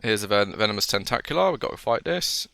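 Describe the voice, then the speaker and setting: A man's voice: on the low side, expressive, fast, vocal fry, a bit bright. A man hosting a let's play, giving jokey, chatty, self-mocking commentary as he plays. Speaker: gaming channel host.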